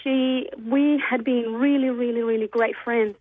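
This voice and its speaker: A nervous Australian woman phones in to a radio show and tells a story, hesitating with lots of ums. Her voice is a little high, with fairly even intonation and an unhurried pace. The tinny phone line sounds dry.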